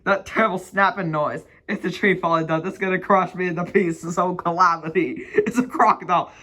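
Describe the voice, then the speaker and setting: A man's voice: high voice, fairly even intonation, fairly quick, sharp tone. A man voicing a timid, easily panicked little storybook man who shrieks and stammers in fright. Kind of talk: storybook read-aloud.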